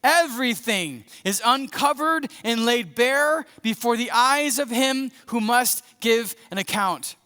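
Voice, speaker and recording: High-voiced, bright male pastor preaching. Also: slow pace, hardly any pauses, clear, resonant tone. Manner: animated, acts out Bible scenes, conversational preaching. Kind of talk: sermon. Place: church sanctuary. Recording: echoey church hall.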